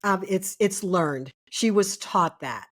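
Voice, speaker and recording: A woman's voice: mid-range voice, lively intonation, takes it slowly. A woman hosting a talk show, asking probing questions and repeating them for emphasis. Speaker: show host. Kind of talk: interview host.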